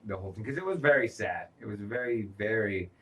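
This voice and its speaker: A man's voice: fairly low pitch, animated, fast talker, a bit bright, recorded from a distance. A man co-hosting a casual show, talking loosely with lots of restarts and swearing. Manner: rambling, profane, loose. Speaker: podcast co-host. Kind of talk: casual chat.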